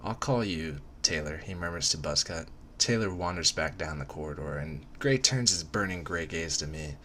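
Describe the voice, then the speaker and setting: Low-voiced guy reading a romance story out loud, bright edge, jokey asides. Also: moderate pace, slight background noise. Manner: casual and self-mocking, swears in asides. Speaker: reader of a parody romance.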